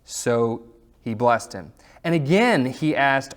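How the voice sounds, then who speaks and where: A man teaching a Sunday school class, reading scripture aloud and chatting in a relaxed way with fillers and asides. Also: medium pitch, slow. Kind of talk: casual Bible lesson with reading aloud.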